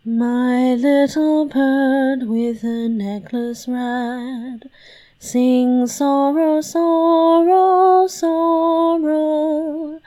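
A woman voicing a young girl in a fairy tale who sings a slow, mournful song. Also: mellow, heavily acted. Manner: singing, high and wavering.

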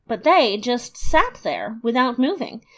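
Woman reading an old fairy tale, kinda high voice, very lively and expressive. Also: unhurried. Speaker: narrator. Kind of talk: storybook narration.

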